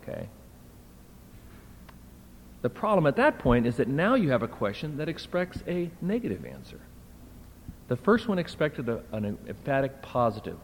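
A man gives a classroom lecture on a Greek text, keeping it conversational and checking in with his students. His voice sits at an ordinary middle pitch for a man. The sound carries a long reverb, as if recorded in a lecture hall. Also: huge pitch swings, normal speed, long pauses, a little hiss or hum. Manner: conversational, keeps asking "right?". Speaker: teacher.

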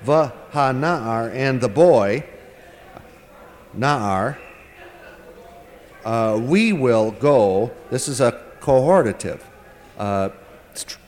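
A man delivers a verse-by-verse scripture lecture at an unhurried, measured pace, stopping often to weigh individual words. His voice sits in an ordinary middle register. The recording carries a long, lingering reverb, as if he is speaking in a large hall. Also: mid-range voice, a little mellow. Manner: deliberate, translating word by word with frequent pauses and fillers. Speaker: Bible teacher.

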